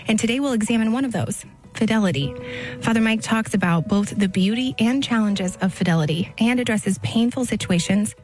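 A woman announcer reading the program's credits and introduction in an even scripted delivery. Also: mid-range voice, a little fast, soft background music, poor audio.

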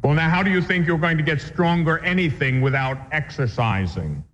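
Earnest male priest, slightly high voice, emphatic religious lecture; muffled recording with long reverb. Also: lively intonation, fairly quick, fairly bright tone. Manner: earnest, emphatic, repeats key points. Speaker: Catholic priest teaching a catechism class. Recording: dull lo-fi sound in a reverberant hall.

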